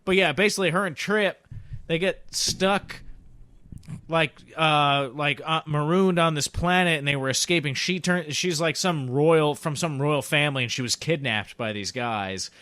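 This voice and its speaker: A man co-hosting a casual podcast who rambles loosely and swears freely. His voice is high and bright, and the sound is dry and close. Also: normal speed, no echo. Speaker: podcast co-host. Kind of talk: casual chat.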